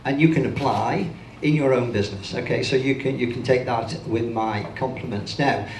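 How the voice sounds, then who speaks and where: A man's voice: mid-range voice, normal speed, slight background noise. An older man from Birmingham, England, with a Birmingham accent, giving a joking, self-deprecating keynote talk to a conference audience. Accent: Birmingham English. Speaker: motivational speaker. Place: large conference hall with audience. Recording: echoey hall sound.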